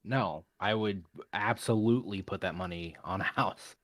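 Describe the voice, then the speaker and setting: A man's voice: low-pitched, normal speed, fairly bright tone, no room sound, clean studio sound. A man co-hosting a casual podcast chat, talking bluntly and swearing freely. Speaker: podcast co-host.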